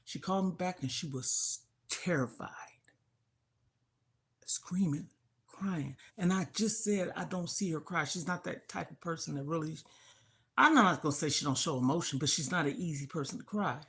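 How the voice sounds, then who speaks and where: Low-pitched older lady on a live stream, grieving, talking through a hard family story, gets fired up. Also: normal speed, a bit bright, slightly rough. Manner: heartfelt, grieving, rising to indignant outbursts. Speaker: livestream host. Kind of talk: emotional personal storytelling on a livestream.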